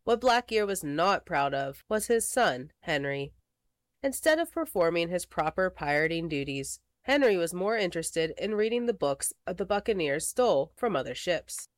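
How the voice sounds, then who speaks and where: A woman reading a children's picture book aloud, expressive and slowing for dramatic words. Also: fairly low pitch, dry recording. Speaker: storybook reader.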